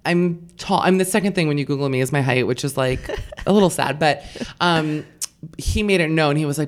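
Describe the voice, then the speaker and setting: A woman in her forties, a comedian guest on a podcast, telling funny stories in animated casual chat with swearing and laughs. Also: low voice, fairly quick.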